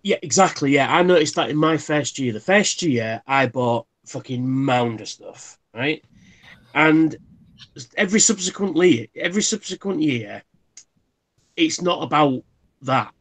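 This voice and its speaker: Guy in his thirties hosting a stream, kinda higher voice, rambling and swearing. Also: animated, a little slow, a bit bright. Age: 30s. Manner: swears freely, rambling anecdotes. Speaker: live stream host. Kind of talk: casual chat.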